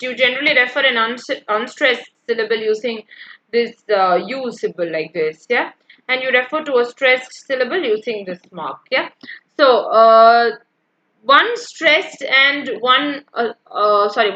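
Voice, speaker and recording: Bright-voiced woman teaching poetry meter. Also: on the high side, lo-fi sound, a little hiss or hum. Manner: explanatory, frequent "uh" and "yeah" checks, counts out feet aloud. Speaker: English literature teacher. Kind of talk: exam-prep lecture.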